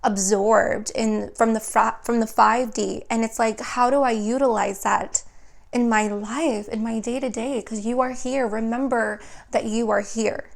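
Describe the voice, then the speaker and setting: A woman's voice: fairly high pitch, steady tone, a little slow, vocal fry. A woman giving an unscripted tarot reading, meandering and reassuring, often checking in with the listener. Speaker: tarot reader.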